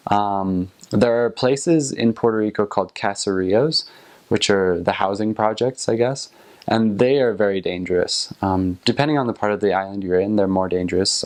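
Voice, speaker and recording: A man's voice: lowish voice, darkish tone. A young man in his twenties, a returned missionary, giving casual, plain-spoken advice and recollections.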